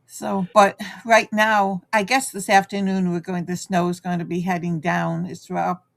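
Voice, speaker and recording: A woman's voice: fairly low pitch, level tone, moderate pace, gravelly. A middle-aged woman co-hosting a radio talk show, chatty and rambling, laughing often. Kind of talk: casual chat.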